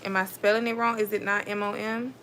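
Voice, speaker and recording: A woman's voice: mid-range voice, little pitch movement, fairly quick, a bit bright, a little hiss or hum. A woman, hosting a casual live stream and chatting directly to her viewers. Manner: chatty, addresses viewers as y'all.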